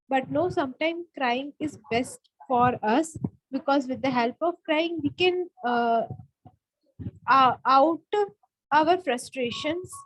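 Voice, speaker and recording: A woman's voice: high voice, no echo, low-quality recording. A woman in her twenties with an Indian accent, a student answering politely in an online speaking class. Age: 20s. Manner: polite, formal, simple phrasing.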